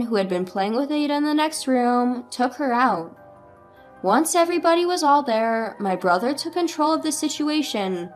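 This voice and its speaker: A woman narrating a first-person family drama story in a steady, even way. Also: on the high side.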